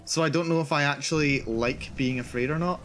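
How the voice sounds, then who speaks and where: A man's voice: fairly high pitch, fairly quick, fairly bright tone, faint music behind. A male streamer giving live commentary on a horror game, nervous and repeating himself as he narrates his own fear. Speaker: VTuber streamer.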